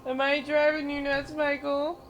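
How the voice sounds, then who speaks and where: A woman streaming a game, chatting casually, giggling and teasing, breaking into loud mimicking bursts. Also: high-pitched, completely flat delivery, unhurried, soft background music.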